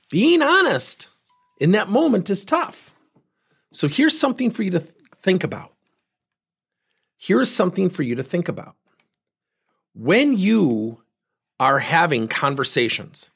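A middle-aged man gives a motivational business talk with a slightly husky voice. His pitch swings widely as he leans on his points. His delivery is direct and emphatic, and he repeats lines for stress. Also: a bit bright. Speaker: business speaker.

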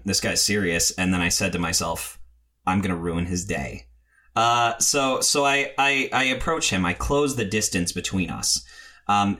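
Bright-voiced young man telling a rambling story. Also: lowish voice. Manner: rambling, stammering restarts, shouting bursts when quoting himself. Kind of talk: casual storytelling chat.

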